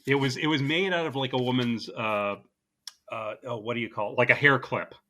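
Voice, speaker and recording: A man's voice: mid-range voice, sharp tone. A man co-hosting a podcast, chatting casually and laughing often at his own jokes. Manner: quick laughs, jokey asides. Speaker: podcast co-host. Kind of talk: casual chat.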